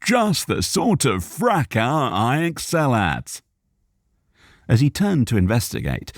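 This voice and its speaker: A man narrating an audiobook in a live recording session, expressive and careful. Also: low-pitched, gravelly, no room sound, studio quality.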